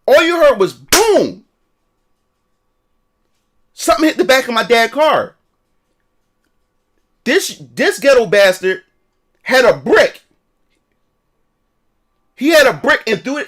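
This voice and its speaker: A man's voice: very high voice, big pitch swings, a little slow, long pauses, a bit bright. A man telling a story in a casual livestream rant, profane and repetitive. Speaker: streamer.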